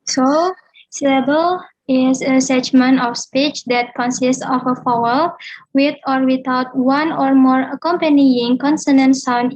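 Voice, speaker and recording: A young woman reads a phonetics lesson aloud in English, with a high voice and a slow pace. She moves carefully through each point, correcting herself and restarting as she goes. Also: a little mellow, dull audio. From Indonesia. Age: young adult. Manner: halting, careful reading with restarts. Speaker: student presenter.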